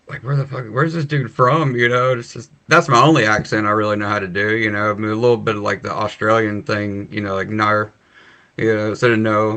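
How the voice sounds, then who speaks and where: A man hosting a casual podcast, chatty and relaxed, laughing often. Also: fairly low pitch. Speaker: podcast host.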